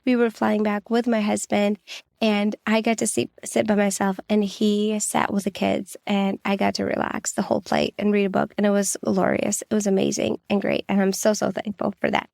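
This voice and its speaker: A woman in her thirties tells personal stories on her podcast, candid and reassuring, with "like" scattered through her speech. Her voice has a gravelly, fried edge. The recording is dry and close, with no room sound. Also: medium pitch, monotone, moderate pace, a little mellow, no room sound. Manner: candid, reassuring, with many "like" fillers. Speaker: podcast host.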